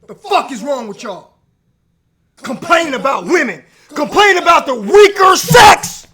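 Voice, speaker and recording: A man hosting a live stream, shouting an aggressive, profane rant from his man cave and going hoarse. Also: extremely high pitch, very animated, unhurried.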